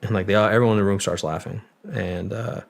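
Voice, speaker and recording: A man's voice: lowish voice, steady tone, quick pace, gravelly. A young man, a military veteran and podcast guest, telling a story in a loose, profane way, full of "like" fillers. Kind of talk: casual storytelling.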